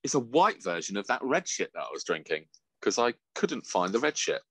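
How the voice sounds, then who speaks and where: Lively podcast co-host, swears and laughs a lot, dry close sound. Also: male voice, fairly low pitch, fairly quick, husky, no room sound. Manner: animated and swearing, laughs a lot, jumps into mock voices. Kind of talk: casual chat.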